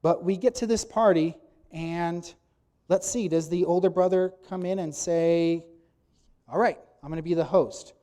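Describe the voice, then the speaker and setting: Man, preacher, sermon delivery, emphatic, slightly high-pitched, loud acted-out quotes. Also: a little slow. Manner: emphatic, acts out quotes with sudden loud bursts. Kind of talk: sermon teaching.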